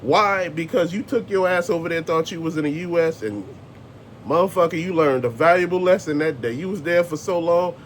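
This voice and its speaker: A man with a notably high voice delivers a blunt, profane rant straight to the camera, hammering each point with emphasis. A faint rumble hums behind him. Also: a little fast. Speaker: host. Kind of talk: ranting commentary.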